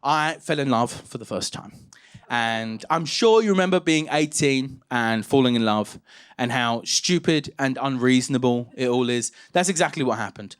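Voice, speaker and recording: A man, performing a stand-up comedy set on stage with animated storytelling and loud shouted punchlines. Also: mid-range voice, normal speed, clear, resonant tone. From England. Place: comedy stage with a live audience.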